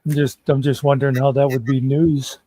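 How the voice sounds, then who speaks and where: American male streamer, laid-back jokey chat, warm mellow tone, dry close mic. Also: mid-range voice, little pitch movement, a little fast, dry recording. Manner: easygoing, joking. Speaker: stream host. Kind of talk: casual live-stream chat.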